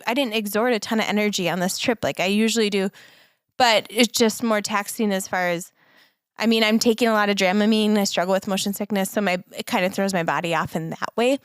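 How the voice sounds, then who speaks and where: A woman from the United States co-hosts a relaxed podcast conversation in a smooth, mid-range voice on a dry recording. She comes across as earnest and reflective, with the occasional laugh.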